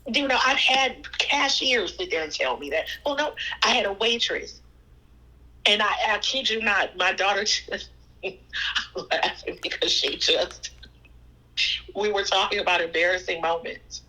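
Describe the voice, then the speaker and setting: A woman's voice: mid-range voice, unhurried, low-quality recording. A woman guest telling personal stories in a conversational way, acting out other people's lines. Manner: animated, quotes people in voices. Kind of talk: conversational storytelling.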